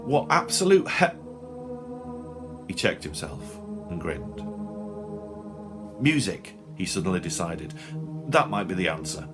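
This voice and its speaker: Brief: man reading an audiobook, lowish voice, soft music behind. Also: measured pace, long pauses. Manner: dry, expressive storytelling. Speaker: narrator.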